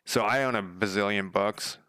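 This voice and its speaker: A man's voice: fairly low pitch, moderate pace, sharp tone, smooth, dry recording, clean studio sound. A man streaming as a game developer, chatting casually at home, rambling through stories, swearing now and then and chuckling often. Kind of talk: casual chat.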